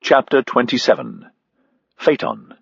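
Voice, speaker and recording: A man reading an audiobook aloud as narrator, with measured, expressive delivery. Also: mid-range voice, creaky, slightly rough, no echo, highs cut off. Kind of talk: scripted narration.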